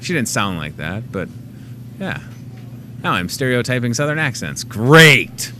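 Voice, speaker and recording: A man's voice: medium pitch, big pitch swings, unhurried, pushed and bright, a little hiss or hum. A man hosting a local TV show in casual on-air chat, chatty and joking at his own expense. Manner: chatty, joking, self-mocking.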